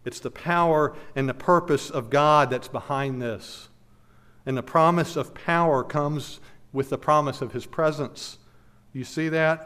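A man's voice: fairly high pitch, a little slow, a bit bright. A man preaching an expository sermon as pastor, earnest and emphatic, repeating key phrases, then leading a prayer.

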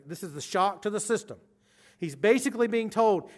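A man preaching a sermon, moving from quiet explanation to urgent, emphatic declarations. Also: high-pitched, expressive, normal speed. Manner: emphatic, swings from quiet asides to urgent loud stresses.

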